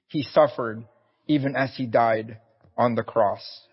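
A man's voice: mid-range voice, steady tone, takes it slowly, breathy edge, long reverb tail, lo-fi sound. A man preaching a sermon in an earnest, pleading way, often repeating his words.

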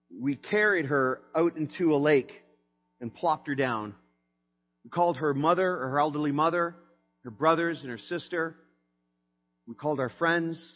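A middle-aged man telling a personal faith story in a conversational way, with many fillers, sometimes lively and sometimes quiet and subdued. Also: a little high. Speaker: speaker sharing a testimony. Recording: reverberant hall, dull lo-fi sound.

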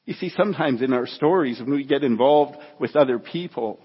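Husky male preacher in a reverberant hall. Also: medium pitch, lo-fi sound. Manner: earnest, halting, with repeated restarts. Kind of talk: sermon storytelling.

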